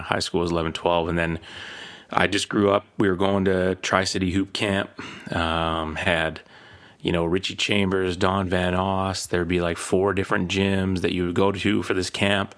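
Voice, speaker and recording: Low-voiced man telling casual stories. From Canada. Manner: rambling, animated anecdotes with many fillers. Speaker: podcast host being interviewed. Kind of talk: casual storytelling interview.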